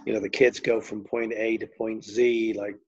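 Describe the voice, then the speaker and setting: A man's voice: fairly low pitch, level tone, normal speed, husky, highs cut off. An older man from England with a Liverpool accent, telling long, rambling anecdotes with many fillers as an interview guest. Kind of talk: storytelling interview.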